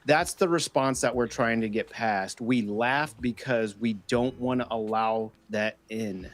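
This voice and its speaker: A man's voice: mid-range voice, measured pace. A man in his thirties co-hosting a podcast, speaking earnestly and encouragingly and swearing for emphasis. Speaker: podcast co-host. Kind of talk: casual conversational podcast chat.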